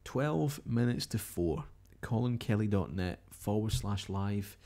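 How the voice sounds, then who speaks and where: A man's voice: fairly low pitch, animated, measured pace, mellow. A Scottish man hosting live overnight results coverage, chatting casually and reading out updates and messages. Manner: chatty, musing, reads out tweets and updates. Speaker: radio-style live broadcast host.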